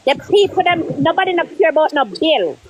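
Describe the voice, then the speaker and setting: Insistent high-voiced Jamaican woman host. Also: very animated, a little fast, crowd noise, rough recording. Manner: lecturing, insistent.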